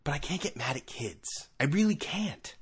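A man's voice: on the high side, expressive, moderate pace, slightly rough. A man hosting a sports talk show, ranting sarcastically in a casual monologue full of asides. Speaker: sports podcast host.

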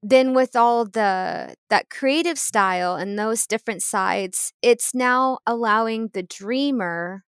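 A woman in her thirties tells her story as a guest, rambling and laughing as she goes. Her voice sits a little high. It is recorded close and dry. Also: slow, few pauses, clear, resonant tone, no echo. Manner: rambling, laughs often, animated quoting. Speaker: intuitive painter guest. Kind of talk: casual conversational storytelling.

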